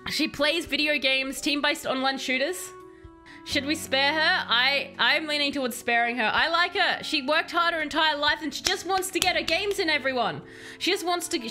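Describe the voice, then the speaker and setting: A woman streaming a game, chatting with viewers and reading game text aloud in a chatty, animated way. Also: high-pitched. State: has a headache. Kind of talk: casual game commentary with chat.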